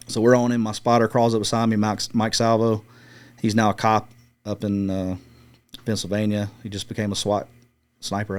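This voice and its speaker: A middle-aged man, a former military sniper, casually telling a long story in an interview and swearing freely as he acts out the radio calls. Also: fairly low pitch. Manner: profane, laid-back storyteller acting out radio calls. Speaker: guest, former Marine scout sniper.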